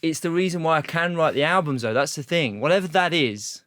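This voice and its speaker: A man's voice: fairly high pitch, a little fast, a bit bright, dry recording. A man with a Leicester accent, a musician chatting casually as a guest, rambling with many restarts. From Leicester, England. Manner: rambling, many restarts and "you know what I mean". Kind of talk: casual chat.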